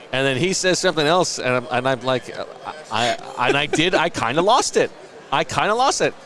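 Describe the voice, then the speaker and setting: A man's voice: fairly high pitch, big pitch swings, brisk, fairly bright tone. Rambling late-thirties male podcast host. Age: late 30s. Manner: rambling, self-mocking storyteller. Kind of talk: casual chat.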